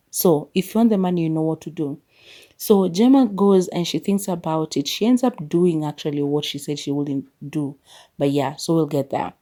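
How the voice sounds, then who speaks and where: A woman's voice: low voice, normal speed, warm tone. A woman hosting a podcast, chatting casually and giving her frank opinions in a movie review. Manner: chatty, opinionated, laughs often. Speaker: podcast host.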